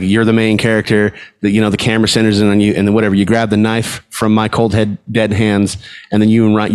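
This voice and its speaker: Rambling, excitable podcast co-host man. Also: on the low side, clear, resonant tone. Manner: rambling, excitable, laughs hard. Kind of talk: casual chat. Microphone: headset, unplugged at one point.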